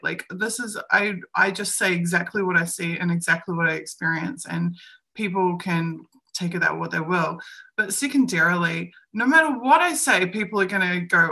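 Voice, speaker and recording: Nz woman on a live stream, kinda low voice but bright and punchy, argues hard and does little voices of other people. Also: a little fast, creaky. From New Zealand. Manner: emphatic and opinionated, acting out other people's lines. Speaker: co-host.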